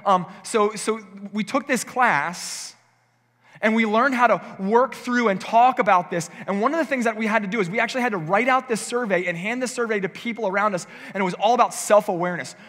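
A man's voice: sits high, a bit bright, in a large hall. A male pastor preaching a conversational sermon, acting out what people might say. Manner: conversational preaching, acts out quoted voices. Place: church sanctuary.

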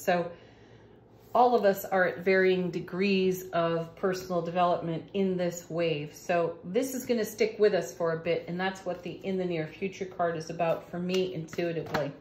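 A woman's voice: lowish voice, fairly even intonation. A woman reading tarot cards in a casual, gushing way, laughing often. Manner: slow, warm-hearted, laughs often, gushing about the cards. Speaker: tarot reader. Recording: echoey room.

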